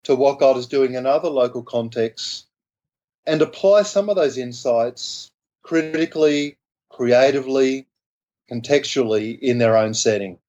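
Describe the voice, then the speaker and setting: Soft-spoken Australian man, lo-fi line. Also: mid-range voice, measured pace. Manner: thoughtful, modest, hesitant restarts. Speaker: guest author. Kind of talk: podcast interview.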